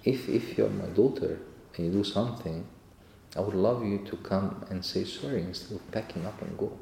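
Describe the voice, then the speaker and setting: A man's voice: low-pitched, moderate pace, creaky, warm tone, a little hiss or hum. A man answering questions after a sermon, telling rambling stories with laughter, recorded in an echoey hall. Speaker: church speaker.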